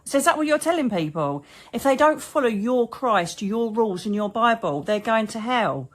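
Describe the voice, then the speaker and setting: A British woman, a psychic medium, telling stories to her viewers in a chatty, animated, colloquial way. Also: a little high, moderate pace. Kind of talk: casual storytelling to viewers.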